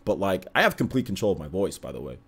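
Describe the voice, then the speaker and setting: A young man hosting a livestream, talking calmly and flatly to his chat, with lots of fillers and repeated phrases. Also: fast, slightly rough. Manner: calm, monotone, low-energy delivery. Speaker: livestream host.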